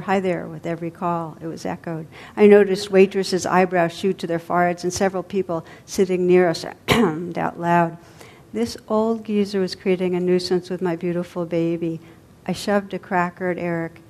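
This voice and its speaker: Low-voiced woman reading a story aloud. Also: darkish tone. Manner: vivid, measured storytelling.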